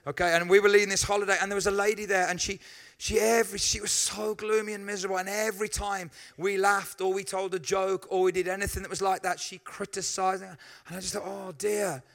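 A man preaches to his congregation, weaving in stories and quick asides. His voice sits high for a man and rings bright and forward. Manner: lively storytelling with asides to the congregation. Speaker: pastor. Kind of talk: sermon.

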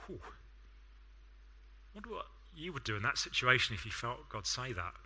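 A man's voice: medium pitch, very animated, moderate pace, bright, forceful tone, husky. A man with an English accent preaching a sermon, telling stories in a conversational way with self-deprecating asides.

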